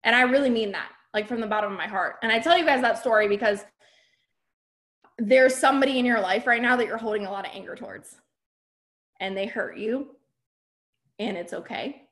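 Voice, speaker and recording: A woman's voice: fairly high pitch, a little fast, pauses often, a bit bright. A woman podcast host and business coach giving a candid, emphatic motivational talk to a live group. She often checks in with her listeners.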